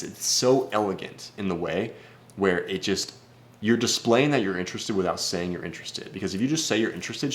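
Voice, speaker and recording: A man speaking as a dating coach in a casual vlog, brash, blunt and profane. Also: fairly low pitch. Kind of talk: casual vlog advice talk.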